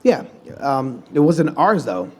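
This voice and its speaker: A man guest on a live podcast stage, telling stories in a loose, animated way and acting out the people he quotes. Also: fairly high pitch, slow pace. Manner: animated storytelling, acts out quoted dialogue; loose, restarts mid-sentence. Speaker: guest musician and producer.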